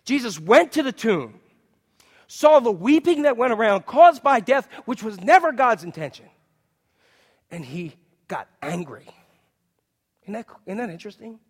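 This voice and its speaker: Male pastor, sermon delivery, dynamic loud-to-hushed, high pitch, long reverb. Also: very animated, unhurried. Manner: dynamic preaching, swinging from loud emphatic to hushed.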